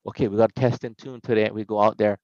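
A man telling stories as a podcast guest, in a casual, animated way, acting out quoted voices. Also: lowish voice, fast, dry recording. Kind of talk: casual storytelling. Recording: dull, dry podcast audio.

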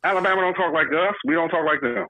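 A man co-hosting a podcast in casual chat, animated and exclaiming, swearing casually and laughing often. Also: on the high side, quick pace, no room sound. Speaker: podcast co-host. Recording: dry, phone-like thin sound.

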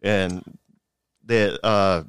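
A man hosting a casual chat, trading bar stories in a relaxed, chuckling way. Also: lowish voice, extremely slow, clean tone, no echo, studio quality.

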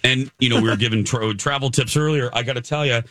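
A man's voice: mid-range voice, fairly even intonation, quick pace, pushed and bright, no echo. A male radio talk show host chatting casually on air, telling stories and laughing easily. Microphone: studio microphone.

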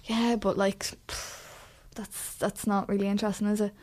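Young Irish woman, animated and sweary. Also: mid-range voice. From Ireland. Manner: animated, sweary, quick asides and laughing impressions. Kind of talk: casual chat.

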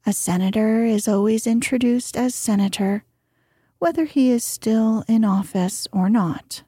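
A woman reads aloud in a soft, gentle bedtime voice with a breathy, husky edge. Her tone is mellow and she takes her time. The sound is close and dry. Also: on the high side, unhurried, no echo. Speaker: reader. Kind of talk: calm bedtime reading of an old book.

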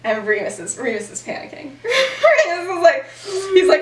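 A young woman hosting a podcast recounts a story to her friend in a high voice whose pitch swoops wildly, at a moderate pace. Her storytelling is casual and chatty, laced with "like" and laughter. The audio is roomy and distant.

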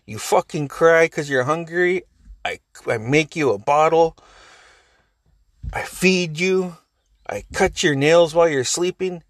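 A man voicing his gruff, profane grandfather figure, yelling loud exasperated rants at a baby. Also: medium pitch, dry recording, studio quality.

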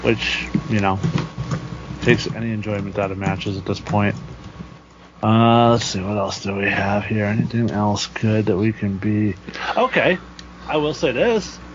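A man's voice: fairly low pitch, a little slow. A man co-hosting a casual podcast chat, with a dry, sarcastic way of talking. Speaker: podcast co-host. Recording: dull lo-fi audio with faint noise.

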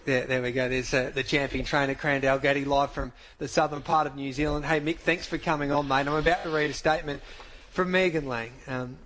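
A man's voice: mid-range voice, steady tone, fairly quick, a bit bright. A male radio host thanking a guest and reading out a statement. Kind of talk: radio show hosting.

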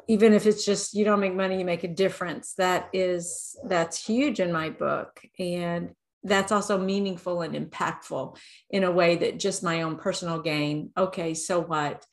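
A woman hosting a casual interview who asks curious questions, affirms her guest, and laughs readily. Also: on the low side. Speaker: interview host.

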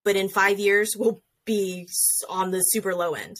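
A young woman co-hosting a podcast in casual chat, animated and joking, swearing freely, on a video call. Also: mid-range voice, measured pace. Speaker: podcast co-host.

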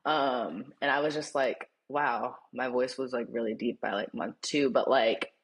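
A young man, a podcast guest, telling a story in casual chat, animated and laughing often, with lots of "like". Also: medium pitch, measured pace. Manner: animated, laughing, heavy use of "like".

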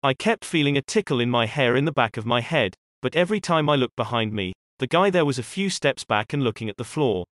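A man reading posted first-person stories aloud as a narrator, in a steady, even storytelling manner. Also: mid-range voice, brisk, hardly any pauses, no echo, clean studio sound. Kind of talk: scripted narration.

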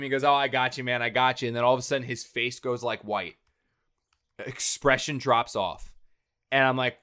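A man's voice: medium pitch, a little fast, fairly bright tone, smooth. A man co-hosting a show, telling a long story in a casual, rambling way with lots of fillers and restarts.

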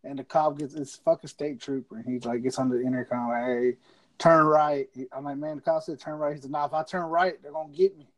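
A man's voice: medium pitch, fast talker, hardly any pauses, darkish tone, rough recording. A man telling a rowdy, profanity-laced story in casual chat.

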